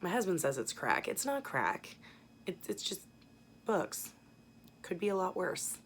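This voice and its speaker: A woman's voice: fairly low pitch, animated, a little slow, slight background noise. A young adult woman chatting casually as a book vlogger, rambling and swearing now and then. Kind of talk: casual book haul chat.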